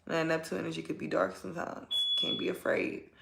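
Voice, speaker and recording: A woman's voice: on the low side, normal speed, creaky, few pauses, fairly bright tone. Chatty woman reading tarot in an echoey room. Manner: chatty and heartfelt, addresses viewers directly. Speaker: tarot reader. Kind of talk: casual tarot reading to viewers. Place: at home, kids nearby.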